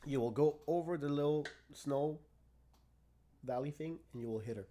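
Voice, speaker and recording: A man's voice: fairly high pitch, normal speed, warm tone. Blunt, profane man explaining game tactics. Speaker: podcast co-host. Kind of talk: casual gaming chat.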